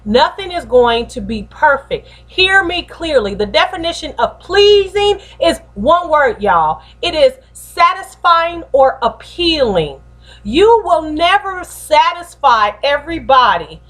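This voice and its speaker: Woman host, high bright voice, slangy preacher energy, motivational talk. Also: very animated, slow pace. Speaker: host and pastor.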